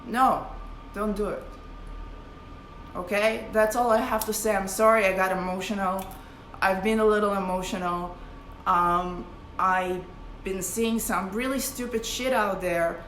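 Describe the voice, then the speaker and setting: A woman's voice: mid-range voice, a bit bright, slight background noise. A woman giving an impassioned, profane live-stream talk to her followers as a spiritual teacher. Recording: echoey room with faint ambience.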